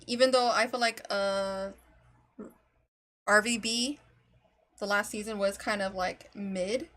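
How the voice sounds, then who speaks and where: A woman's voice: medium pitch, a bit bright. A woman streamer chatting casually while reacting to videos, rambling and laughing often, and talking to her cat.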